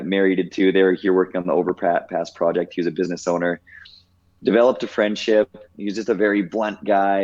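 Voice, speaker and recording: Deep-voiced man in his thirties, reflective. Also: darkish tone, dull audio. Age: 30s. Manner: reflective, heavy use of "like". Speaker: podcast guest. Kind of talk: casual storytelling.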